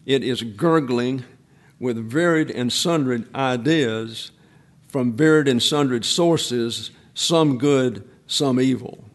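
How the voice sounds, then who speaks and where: Elderly male pastor in his eighties, folksy digressive sermon delivery, mid-pitched voice. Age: 80s. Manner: folksy, digressive storytelling with frequent restarts.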